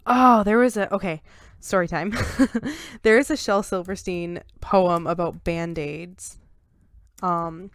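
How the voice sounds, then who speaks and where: A woman's voice: mid-range voice, a bit bright, clean tone, no room sound, studio quality. A young woman hosting a casual solo podcast, laughing at herself as she stumbles through tongue twisters. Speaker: podcast host.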